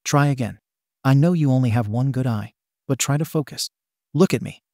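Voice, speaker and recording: A man's voice: mid-range voice, moderate pace, dark tone, dry recording, studio quality, close to an everyday voice. A man voicing a bitter, scarred young male villain confronting his father in a fan fiction reading, menacing and accusing.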